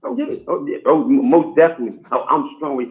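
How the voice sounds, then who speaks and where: A man's voice: a little high, big pitch swings, fairly quick. A man calling in to a casual chat, talking in street slang and stammering over his restarts. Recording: tinny phone line.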